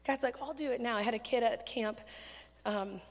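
A woman preaching to a church crowd, lively and chatty, dropping quick self-deprecating asides between stories. Her voice sits fairly high and carries a long hall reverb. She talks into a handheld mic. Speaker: children's ministry speaker. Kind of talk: sermon with storytelling.

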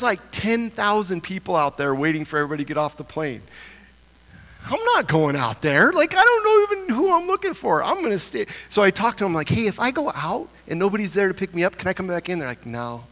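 A man telling a lively testimony about a mission trip, acting out the people he met in his story and laughing often. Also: high voice, a little fast. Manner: animated storyteller, acts out quoted voices, laughs often. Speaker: church member sharing a mission testimony. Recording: long hall reverb.

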